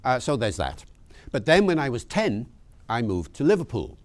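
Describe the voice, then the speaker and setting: Older man, posh British accent, lively pitch, explaining like a lecturer. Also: normal speed. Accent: posh British English. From Wales. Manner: lively lecturing, shifts into other accents to demonstrate. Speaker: linguist being interviewed. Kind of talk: explanatory interview talk.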